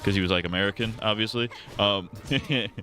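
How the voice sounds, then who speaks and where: A man with a lowish voice chats loosely while he plays a game on stream. He rambles and jokes as he goes, and faint game music plays behind him. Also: a little fast, sharp tone. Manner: rambling, joking, casual. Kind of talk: casual gameplay commentary.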